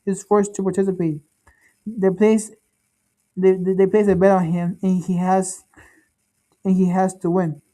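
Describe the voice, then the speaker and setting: A woman voicing a troubled, withdrawn young man who speaks haltingly and repeats his words. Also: medium pitch, little pitch movement, warm tone, natural voice, low-quality recording.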